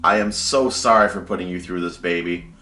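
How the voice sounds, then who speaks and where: A man's voice: sits low, fairly quick, pushed and bright, roomy sound, soft background music. A man voicing a remorseful mother who pleads and apologizes to her grown son, in close to his own voice.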